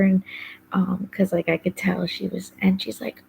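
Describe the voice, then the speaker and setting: A woman's voice: medium pitch, flat delivery, moderate pace, vocal fry, a little mellow, a little hiss or hum, poor audio. A woman hosting a podcast, talking casually and rambling with many fillers, often dropping into a whispery undertone. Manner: rambling, heavy use of fillers like "like" and "um". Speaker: podcast host. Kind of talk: casual personal monologue.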